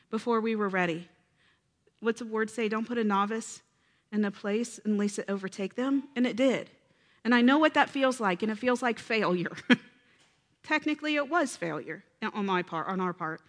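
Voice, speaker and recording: A woman preaching a heartfelt sermon, earnest and emotional, calling out to her listeners for an answer. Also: a little high. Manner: earnest, emotional, addresses congregation with call-and-response. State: close to tears.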